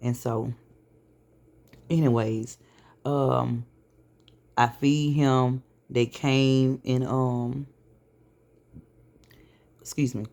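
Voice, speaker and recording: A woman's voice: rumbling low, level tone, extremely slow, long pauses, darkish tone. A stressed, weary woman venting to camera, swearing heavily, with many fillers and restarts. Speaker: vlogger.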